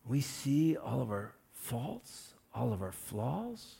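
A man preaching in a relaxed, conversational way, his voice gravelly with a husky edge. He weaves in folksy stories and joking asides and sometimes gets loud to act out a scene. He speaks at a medium pitch. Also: slow pace. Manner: loud bursts when acting out scenes. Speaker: pastor. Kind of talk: conversational sermon.

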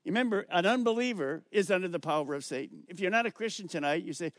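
A middle-aged male pastor preaching a sermon, emphatic and slowing down on key words as he reads scripture aloud. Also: sits high, expressive, no room sound, studio quality.

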